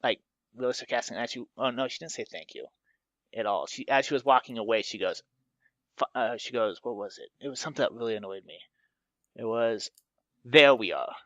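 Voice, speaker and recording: A man's voice: mid-range voice, brisk, a bit bright, no echo. A man on a casual podcast, telling an exasperated story with sarcastic asides. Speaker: podcast co-host. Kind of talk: casual chat. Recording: dull, muffled podcast audio.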